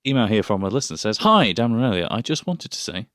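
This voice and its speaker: A man's voice: fairly low pitch, very animated, fast talker, a bit bright, dry recording, clean studio sound. A young man co-hosting a podcast, chatting casually and reading passages aloud, with frequent laughter. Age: young adult. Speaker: podcast co-host.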